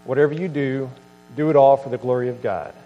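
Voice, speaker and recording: A man preaching a sermon as pastor, earnest and steady. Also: medium pitch, brisk, long reverb tail, dull audio.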